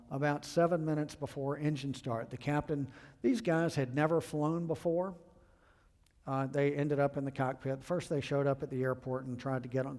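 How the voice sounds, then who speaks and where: A middle-aged man from the American South giving an earnest, emphatic safety lecture to pilots, acting out quoted remarks. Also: darkish tone. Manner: earnest, emphatic, acts out quotes with rising pitch. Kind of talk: presentation lecture. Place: university lecture hall. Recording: long hall reverb.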